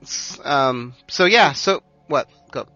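A man's voice: mid-range voice, lively intonation, slow, pushed and bright, dry recording, soft background music. A man co-hosting a podcast, talking things through at length in casual chat and laughing easily. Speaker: podcast co-host. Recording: dry, slightly dull lo-fi sound.

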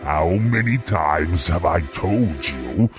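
Brief: man voicing a lizard alien crime boss, very low, slow and threatening, music behind. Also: lively intonation. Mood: impatient, menacing. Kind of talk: fan fiction read aloud.

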